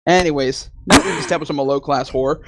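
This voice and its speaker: A man's voice: on the high side, quick pace, a bit bright, slight background noise. A man co-hosting a casual chat, joking crudely and swearing freely. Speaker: co-host.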